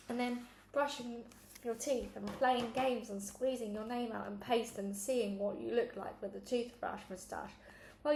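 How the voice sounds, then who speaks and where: A woman reads a children's novel aloud with lively energy. Her voice sits fairly high, and the room adds a noticeable echo over a faint background hum. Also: creaky. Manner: lively, acting out every character in turn. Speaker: storybook reader.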